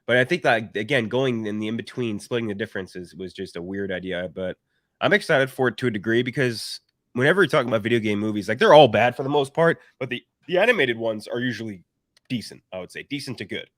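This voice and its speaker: A man co-hosting a movie podcast, with a deadpan fake ad read that turns into relaxed, opinionated chat. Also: medium pitch, fast talker, no echo, studio quality. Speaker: podcast co-host.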